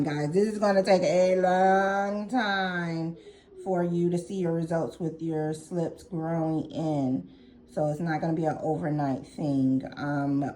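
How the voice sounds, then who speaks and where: A woman's voice: sits low, warm tone. Chatty woman filming her home garden. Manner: chatty, thinks aloud with many fillers and restarts. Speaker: gardening vlogger. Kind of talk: casual home gardening vlog. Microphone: phone camera.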